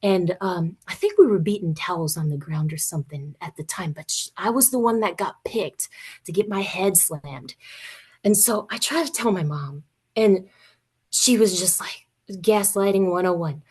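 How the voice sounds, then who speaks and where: A woman's voice: medium pitch, expressive, normal speed, a little mellow, husky. A young woman guest speaking candidly and emotionally in an interview, with some swearing.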